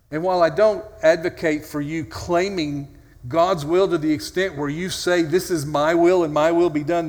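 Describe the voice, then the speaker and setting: Earnest preacher man in a reverberant hall. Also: on the high side. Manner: earnest and conversational, with dry self-mocking humor. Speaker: pastor. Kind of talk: sermon.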